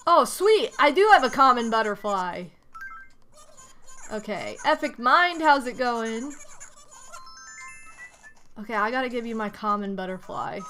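A woman streamer giving casual commentary over a game, reading lines aloud and breaking into loud exasperated outcries. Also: a little high, expressive, a little slow, long pauses, soft background music.

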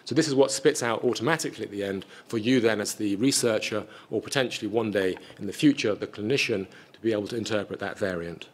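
A man with a lowish voice delivers a scientific presentation at a conference. He speaks in a measured, technical way, often restarting phrases as he explains data and takes questions. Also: breathy edge. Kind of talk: scientific talk and Q&A answers.

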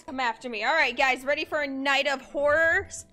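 A woman's voice: sits high, moderate pace, hardly any pauses, music in the background. A young woman hosting a casual game commentary, chatting to viewers, swearing freely and breaking into shrieks and laughter. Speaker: gaming host.

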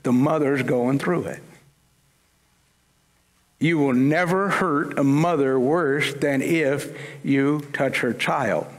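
A man preaching a sermon to his congregation, casual and conversational, with humorous asides. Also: medium pitch. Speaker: pastor. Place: church sanctuary. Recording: long church-hall reverb.

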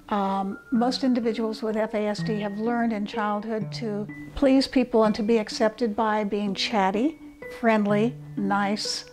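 A woman speaking as an expert in a documentary interview, explaining in a measured way over soft guitar music. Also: medium pitch. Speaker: expert on fetal alcohol disorders.

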